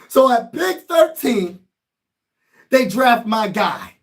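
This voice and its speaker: Livestream host, male, high-pitched voice, slangy and excitable; mutters low between loud outbursts. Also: unhurried, long pauses. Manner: slangy, talks straight to chat. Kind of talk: casual live-stream reaction commentary.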